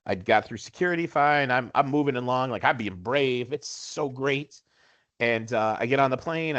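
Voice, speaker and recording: A man in his forties, a podcast co-host, telling a story in casual chat with animated, self-mocking humor. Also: lowish voice, dull audio. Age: 40s.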